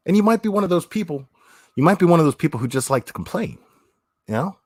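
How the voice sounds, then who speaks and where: A man's voice: on the high side, very animated, fast, a little mellow, no room sound, studio quality. A man hosting a livestream, talking bluntly and opinionated, swearing and repeating phrases as he reads chat. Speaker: livestream host.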